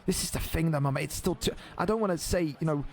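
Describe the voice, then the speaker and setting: A man commentating a video game football match with casual banter, animated and swearing freely. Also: a little high. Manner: animated, swears casually, quick play calls.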